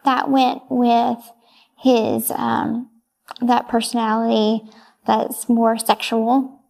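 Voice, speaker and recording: Soft-spoken hesitant young woman, gravelly. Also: on the high side, flat delivery, takes it slowly. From United States. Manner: soft, hesitant, brief answers with many ums. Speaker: interviewee. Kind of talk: answering interview questions.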